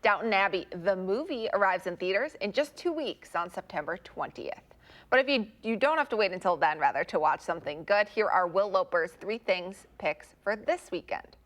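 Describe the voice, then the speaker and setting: A woman anchoring a morning news show in a clear, scripted delivery. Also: medium pitch, expressive, normal speed, a bit bright.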